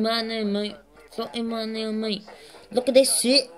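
On her gaming channel, a woman with a voice on the high side narrates a let's-play at a measured pace. She's excitable, swears all the time, and laughs at her own remarks.

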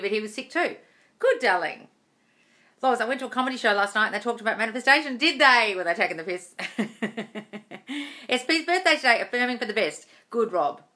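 A woman's voice: on the high side, pushed and bright. A woman in her thirties hosting a live-stream Q&A at home, reading viewers' comments aloud and answering them bluntly and casually, calling them darling and swearing freely. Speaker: manifestation coach. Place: home room. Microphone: phone or webcam on a live stream.

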